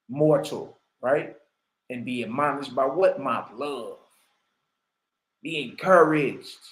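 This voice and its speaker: A man's voice: a little high, sharp tone, echoey room. A man giving casual commentary that turns into preaching, speaking in slang and firing off emphatic rhetorical questions. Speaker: online commentator and religious teacher.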